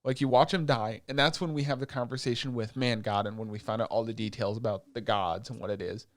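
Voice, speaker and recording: A man's voice: medium pitch, fairly even intonation, quick pace, no room sound, studio quality. A man co-hosting a podcast, casually recapping an anime with lots of swearing, acting out the characters' lines as he goes. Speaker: podcast co-host.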